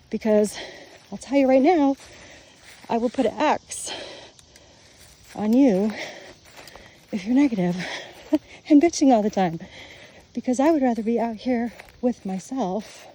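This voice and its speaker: Middle-aged woman, blunt and foul-mouthed, ranting to her phone on a walk; dark mellow voice, slightly high, faint outdoor noise. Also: lively intonation, unhurried, pauses often. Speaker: vlogger. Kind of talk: casual monologue while walking outdoors.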